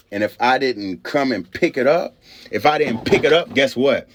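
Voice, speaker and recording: A man's voice: mid-range voice, normal speed, slight background noise. A man in a profane ranting monologue who repeats and stammers angrily. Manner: repetitive, stammering, angry.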